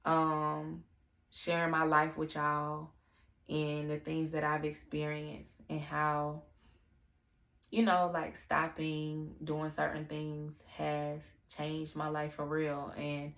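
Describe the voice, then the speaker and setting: A woman's voice: sits low, little pitch movement, slow pace, vocal fry, a bit bright, roomy sound. A young woman talking candidly in a casual personal vlog, confiding and full of slang and fillers. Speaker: vlogger.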